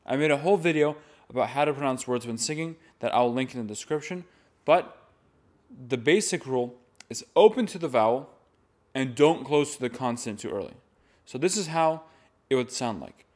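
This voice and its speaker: A man's voice: medium pitch, expressive, normal speed, a little mellow. A man teaching how to chant a church reading, explaining plainly step by step. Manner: plain, explanatory, with sung demonstrations. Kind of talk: instructional talk to camera.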